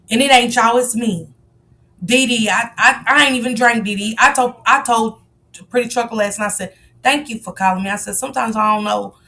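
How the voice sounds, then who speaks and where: A woman's voice: on the high side, pushed and bright. A woman hosting a live stream in casual chat, speaking candidly and confessionally, swearing freely as she greets and answers her viewers. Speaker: livestream host.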